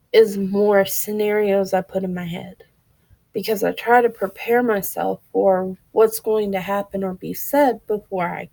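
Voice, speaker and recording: A woman's voice: medium pitch, vocal fry, a little mellow, no room sound, low-quality recording. A woman vlogging candidly and earnestly, speaking straight to her viewers. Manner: earnest, open, talks to viewers directly. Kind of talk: candid personal vlog.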